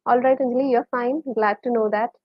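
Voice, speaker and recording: A woman's voice: steady tone, fairly quick, dry recording. A woman with a Malayali English accent teaching a live-streamed English lesson, switching between English and Malayalam and greeting viewers by name. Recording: muffled, low-fidelity stream audio.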